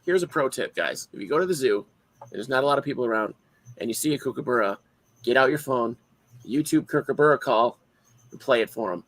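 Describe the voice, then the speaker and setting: A man co-hosting a casual podcast chat, an animated storyteller who acts out his own shouts. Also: medium pitch, fairly quick, low-quality recording. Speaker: podcast co-host.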